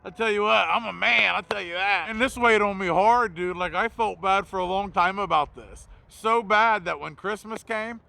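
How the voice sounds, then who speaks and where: A man tells a confessional story in a blunt, self-mocking way and swears freely. His voice is high and bright with a rough, gravelly grain. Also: moderate pace, few pauses. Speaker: mobile mechanic and video host.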